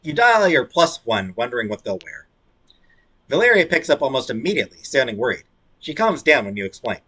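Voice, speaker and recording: A man's voice: medium pitch, sing-song, brisk, pushed and bright, husky. A man playing a video game and reading its dialogue aloud, with playful, jokey asides. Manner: playful, jokey asides between read lines. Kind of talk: let's play, reading dialogue in character voices.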